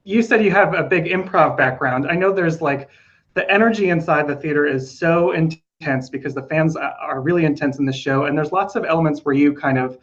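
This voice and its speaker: A man's voice: fairly high pitch, fairly quick, fairly bright tone, dull audio. A man interviewing an actor, asking eager, fan-like questions.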